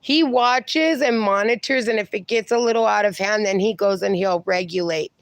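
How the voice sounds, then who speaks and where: A woman livestreaming in a casual, chatty way, talking to her dogs and to her viewers, her voice going hoarse. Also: medium pitch, moderate pace, dry recording. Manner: chatty, talks to her dogs and reads viewer comments aloud.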